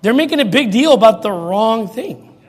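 A man preaching in a mocking, sarcastic rant, now and then bursting into shouts. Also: high voice, animated, normal speed. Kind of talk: ranting commentary. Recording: long reverb.

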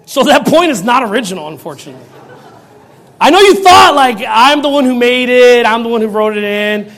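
A man preaching in a mocking, sarcastic rant, now and then bursting into shouts. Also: very high-pitched, expressive, brisk. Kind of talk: ranting commentary. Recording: long reverb.

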